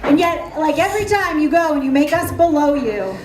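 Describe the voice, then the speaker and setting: A woman's voice: sits high, lively intonation, brisk, noisy background. A woman performing live improv comedy in an earnest, pleading manner. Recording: echoey bar recording from far off.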